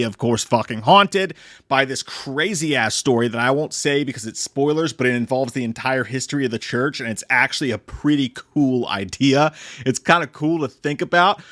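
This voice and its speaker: Excitable, cursing film-review host. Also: male voice, medium pitch, dry recording, studio quality. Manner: excitable, jokey, swears freely, lots of fillers. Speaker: movie reviewer and channel host. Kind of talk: casual spoiler-free movie review.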